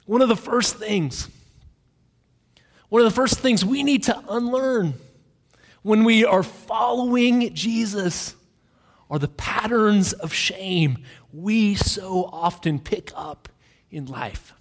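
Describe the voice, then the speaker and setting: A man pastor preaching a sermon in a relaxed, storytelling way with frequent fillers. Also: high voice, slow, pauses often, in a large hall.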